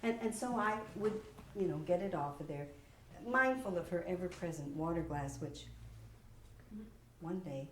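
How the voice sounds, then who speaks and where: A woman's voice: fairly low pitch, distant mic, heavy background noise. A woman with a Southern US accent performing a self-mocking solo theater monologue, recorded live in a roomy small theater. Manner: animated, self-mocking storytelling.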